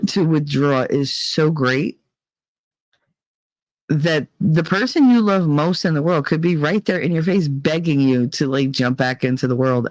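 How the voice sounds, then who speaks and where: A man's voice: on the high side, no echo. A man hosting a casual livestream, talking bluntly and with frequent swearing as he reads the chat. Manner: blunt, profane, emotionally candid. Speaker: livestream host reading chat.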